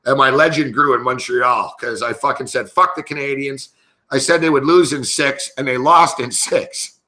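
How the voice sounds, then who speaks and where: A man's voice: mid-range voice, moderate pace, pushed and bright. A middle-aged man hosting a sports betting show, telling a story in casual, profane, brash chat and laughing between lines.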